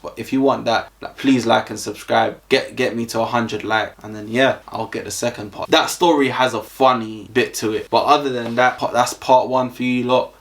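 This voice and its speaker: A young man with a London accent, telling a casual storytime vlog in a slangy, rambling way full of fillers. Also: medium pitch. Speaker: vlogger.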